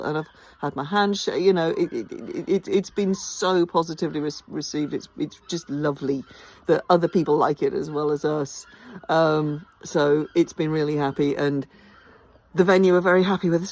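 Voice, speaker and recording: A tired but enthusiastic theatre company director chats in a relaxed behind-the-scenes vlog shot outside by a house, full of ums and false starts. She has a deep, darkish voice with fairly even intonation and a moderate pace.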